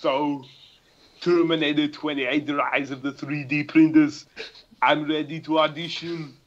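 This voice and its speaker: A man voicing a robotic cyborg action hero with flat, clipped, deadpan delivery. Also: a little high, unhurried, dull audio, natural voice.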